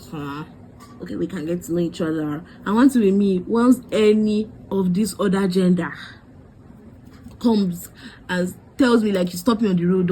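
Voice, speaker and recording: Animated woman telling a story. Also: medium pitch, slight background noise, low-quality recording. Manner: animated, dramatic quoting of others. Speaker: vlogger. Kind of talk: storytime vlog.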